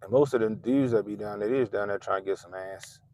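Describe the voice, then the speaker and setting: A man hosting a profane political commentary rant, mocking and animated, with sudden loud jumps and muttered asides. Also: on the low side, fast talker. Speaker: commentary channel host.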